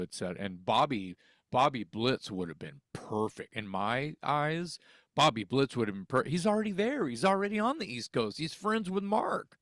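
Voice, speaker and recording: A man telling an interviewer a rambling story, dropping curse words and acting out both sides of old phone calls in a lively, swinging voice. His voice sits mid-range and sounds close and dry, with no room around it. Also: mid-range voice, dry recording. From Texas. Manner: animated, acts out phone calls, swears freely. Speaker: interview guest, singer. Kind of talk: casual storytelling.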